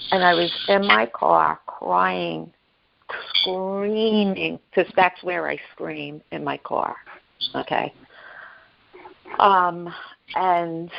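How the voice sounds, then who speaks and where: A woman telling an emotional personal story as a guest, halting and repeating herself, acting out the voices of the people she quotes. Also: lowish voice, vocal fry, dull audio. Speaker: guest sharing her story. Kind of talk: emotional personal testimony on a podcast.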